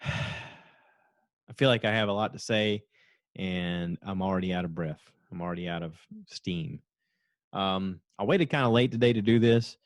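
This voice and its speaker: A middle-aged man with a low voice talks through a casual solo podcast. His delivery is chatty and rambling, and he breaks into laughs as he retells things. The sound is dry and close to the mic. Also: a little slow, pauses often, dry recording. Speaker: podcast host.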